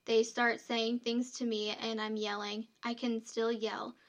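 A woman's voice: fairly high pitch, little pitch movement, a little slow. A woman co-hosting a podcast, casually telling a true story and reading quotes aloud, with frequent fillers.

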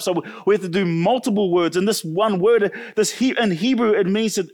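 Animated man preaching a sermon. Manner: animated, acts out quoted voices with big pitch jumps; many restarts and repeated words. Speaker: pastor.

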